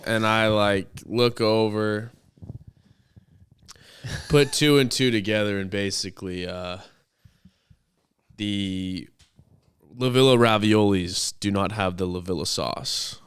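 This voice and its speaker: Low, smooth-voiced young man telling a story. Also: steady tone, slow, long pauses, no room sound. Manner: rambling storyteller, swears freely. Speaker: podcast co-host. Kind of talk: casual chat.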